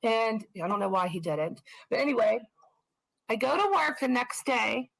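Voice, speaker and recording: A woman co-hosting a live stream, telling frank, animated personal stories and swearing for emphasis. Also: on the high side, moderate pace, vocal fry, poor audio. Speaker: co-host of a live stream channel. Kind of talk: casual storytelling on a live stream.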